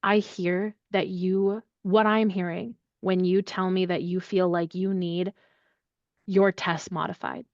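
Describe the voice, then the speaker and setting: A woman's voice: lowish voice, slow, no room sound. Chatty woman guest, dry dull sound. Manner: animated, chatty, with lots of fillers. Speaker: accessibility services head, podcast guest. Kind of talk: conversational interview answer.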